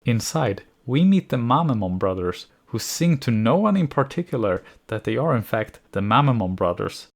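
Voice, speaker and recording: A man reads through a scripted review of an animated series at a mid-range pitch. His delivery is sardonic and picky, and he often sounds exasperated at the plot holes. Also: moderate pace, few pauses. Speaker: anime reviewer.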